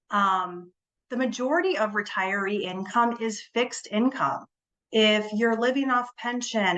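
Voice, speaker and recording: A woman of medium pitch presents a finance webinar in an easy, conversational way. She explains step by step, fills her pauses with ums and repeats a word now and then. She leans on the key words to stress them. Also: fairly bright tone, rough recording.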